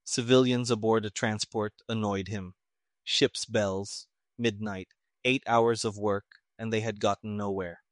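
A man narrating an audiobook in a steady, plain storytelling manner. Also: on the low side, unhurried, dry recording, clean studio sound.

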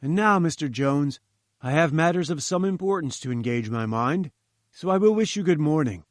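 A man's voice: on the high side, lively intonation, moderate pace, no echo, clean studio sound, lightly acted. A man voicing an imperious, scornful older male scientist who talks in curt commands, in an audiobook reading.

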